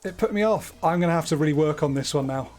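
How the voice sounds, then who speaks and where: A man's voice: on the high side, fast talker, a little mellow, faint music behind. A man streaming live, talking through his gameplay in a chatty, playful way with wordy asides. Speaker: gaming streamer.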